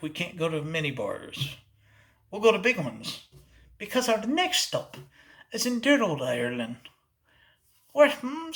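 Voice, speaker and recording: A man's voice: high voice, bright, forceful tone. A man from Oklahoma with a Southern US accent, hosting a comedic monologue and slipping into put-on accents. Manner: switches between put-on accents, playful. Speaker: host.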